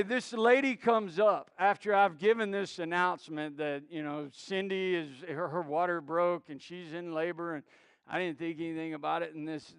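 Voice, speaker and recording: A man's voice: on the high side, smooth, dry recording, studio quality. A middle-aged man preaching a sermon, telling stories with many restarts and acted-out quotes. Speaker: pastor.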